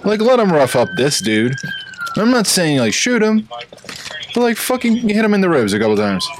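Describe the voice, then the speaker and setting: A man's voice: sits high, very animated, normal speed, background noise. A man in his thirties, co-hosting a podcast in casual chat, laid-back and crude in his jokes. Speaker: podcast co-host.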